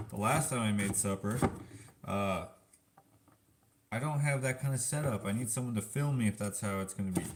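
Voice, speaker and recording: A man from Canada rambling in casual chat to a live chat while he cooks in his home kitchen. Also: medium pitch. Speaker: vlogger. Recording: clattering kitchen noise.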